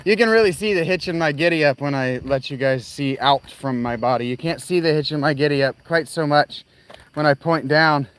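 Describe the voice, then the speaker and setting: A man's voice: on the high side, a little fast, a bit bright, clear, resonant tone. A man hosting a casual livestream, rambling and answering chat while he walks outdoors at night near parked cars. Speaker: livestream host.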